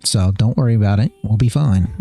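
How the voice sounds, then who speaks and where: A man's voice: medium pitch, dark tone, husky, no echo. A man hosting a live stream, chatting casually and rambling through a personal story with many restarts. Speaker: livestream host.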